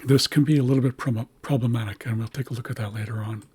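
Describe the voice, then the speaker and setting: A man teaching a language's writing system, slowly explaining letters and repeating words to model their pronunciation. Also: mid-range voice, steady tone, dark tone, husky.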